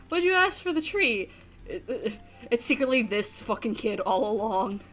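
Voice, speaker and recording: A woman streamer chatting over a game with a lively, swinging voice that sits a little high. She talks expressively, swears freely and laughs often. Faint game music sits underneath. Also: a little slow. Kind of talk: casual let's-play commentary and reading game dialogue aloud.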